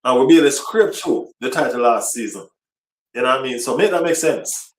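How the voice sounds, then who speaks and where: A man's voice: mid-range voice, lively intonation, brisk. Man rambling about football, roomy mic. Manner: rambling, repeats himself, frequent "you know what I mean". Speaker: football vlogger. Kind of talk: casual livestream chat. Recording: roomy, slightly distant mic.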